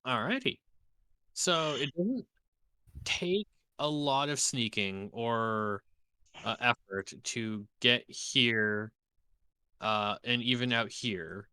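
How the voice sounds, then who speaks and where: A man running a tabletop game as dungeon master on a live stream, unhurried and halting, with frequent fillers. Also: medium pitch, sharp tone, clear, resonant tone, dry recording.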